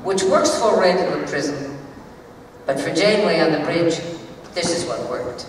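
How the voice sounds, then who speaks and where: A woman in her sixties answering fan questions on a convention panel, with a theatrical, emphatic and measured delivery. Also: deep voice, lively intonation. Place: large convention hall with audience. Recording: distant, echoey hall recording with crowd noise.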